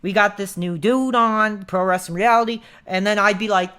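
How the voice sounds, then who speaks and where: A man's voice: high-pitched, moderate pace, sharp tone, smooth. A man chatting casually on a live stream, rambling with lots of fillers and restarts.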